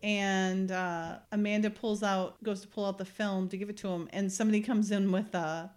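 A woman's voice: medium pitch, fairly even intonation, normal speed, darkish tone. Woman co-host, mid-range voice, chatty recap storyteller. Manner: chatty storytelling, frequent laughs and filler words. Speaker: podcast co-host recapping a TV episode. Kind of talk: casual chat.

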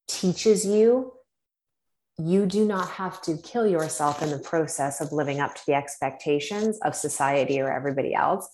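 A woman's voice: fairly low pitch, echoey room. A woman telling a personal story in casual chat, with many fillers, acting out her own reactions. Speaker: podcast guest.

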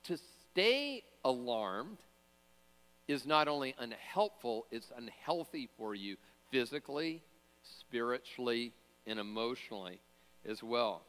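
A man's voice: mid-range voice, fairly bright tone, clear, resonant tone, in a large hall. A man preaching a sermon as pastor, conversational, with joking asides and frequent fillers and restarts.

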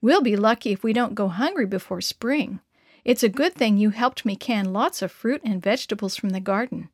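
A woman voicing a gentle mother of six, who speaks in a soft, reassuring way in a children's story. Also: mid-range voice, normal speed, no room sound, studio quality, close to an everyday voice.

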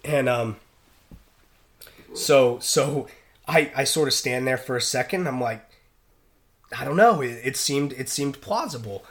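A man's voice: mid-range voice, unhurried. A man, a merchant sailor, telling stories in casual chat, rambling with many fillers and restarts. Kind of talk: casual storytelling.

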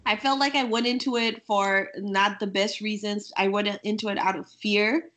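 A woman's voice: medium pitch, fairly even intonation, normal speed, fairly bright tone. A woman from Bangladesh hosting a podcast, teasing her guest and telling her own story candidly. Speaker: podcast host. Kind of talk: casual chat.

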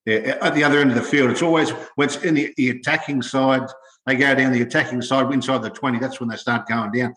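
An older Australian man chatting casually about rugby league, telling stories in an animated way and repeating words as he goes. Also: medium pitch, quick pace, roomy sound. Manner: animated storytelling, repeats words when excited. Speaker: podcast co-host, former rugby league player. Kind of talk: casual sports chat.

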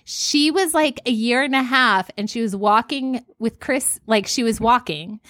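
A woman in her thirties co-hosting a podcast, telling stories in a casual, animated way and laughing often. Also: a little high, a little slow, no room sound, clean studio sound. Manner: animated storytelling, laughs often, acts out panicked quotes. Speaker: podcast co-host. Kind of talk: casual chat.

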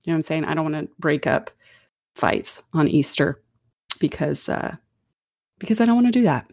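A woman's voice: sits low, animated, normal speed, a little mellow, dry recording, studio quality. A middle-aged woman giving a conversational, earnest Bible teaching with casual asides.

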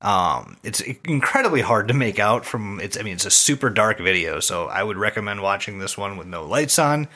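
A man's voice: on the low side, expressive, moderate pace, hardly any pauses, bright, forceful tone. A man co-hosting a podcast, describing a video in rambling casual chat. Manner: rambling, hesitant, many fillers. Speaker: podcast co-host.

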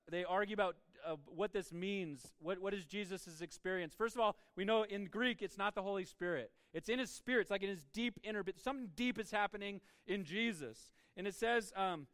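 Male pastor, conversational sermon delivery; high, clear voice in a reverberant hall. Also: fairly bright tone, studio quality. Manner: conversational preaching with laughs and asides.

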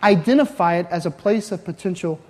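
A man's voice: high voice, fairly quick, a little mellow. A man preaching a sermon in a church, talking conversationally with frequent "right?" asides. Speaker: pastor. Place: church sanctuary. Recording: long hall reverb.

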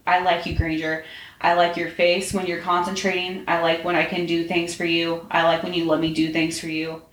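A woman's voice: fairly low pitch, flat delivery, normal speed, lightly acted. A woman voicing Draco, a cold, aloof young male wizard who grumbles when exasperated. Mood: tender. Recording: roomy echo.

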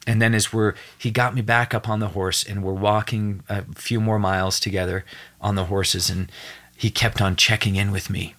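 A young adult man, a podcast guest, retelling a personal story with earnest, animated emotion and acted-out quotes. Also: lowish voice, moderate pace.

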